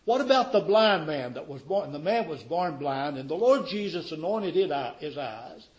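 A man preaching a sermon with fervor, firing rhetorical questions at his congregation and swinging from loud declarations to quiet, dropped endings. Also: fairly high pitch, animated, normal speed, rough recording. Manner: fervent, rhetorical questions, wide swings in loudness.

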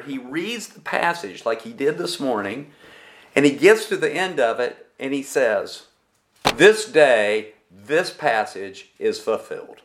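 A man preaching a sermon to his congregation, deliberate and measured, posing rhetorical questions to his listeners. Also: on the high side. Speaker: pastor.

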